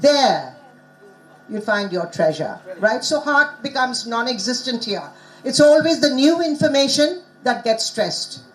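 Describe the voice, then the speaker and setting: A woman's voice: sits high, animated, unhurried, faint music behind, low-quality recording. A middle-aged woman presenting at a conference, teaching in an interactive way and quizzing the audience.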